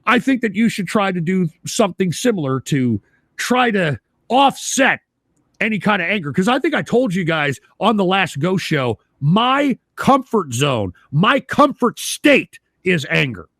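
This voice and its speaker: Gravelly high-pitched man, blunt and profane. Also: big pitch swings, unhurried, no room sound, clean studio sound. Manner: blunt, swearing, repeats himself; rising into shouts when worked up. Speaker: livestream host. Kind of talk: profane live stream talk.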